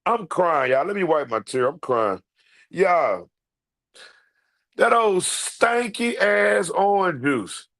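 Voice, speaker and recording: A man's voice: high-pitched, slow pace. A man hosting his own show, telling a comedic, profane story straight to his viewers and calling them "y'all.". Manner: profane, animated, talks to the audience as "y'all". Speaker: online show host.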